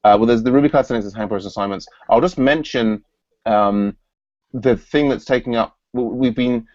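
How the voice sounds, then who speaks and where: A man's voice: mid-range voice, moderate pace, a little mellow, dry recording, highs cut off. A man hosting an online work meeting, thinking aloud with frequent restarts and fillers. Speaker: meeting host. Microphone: video call.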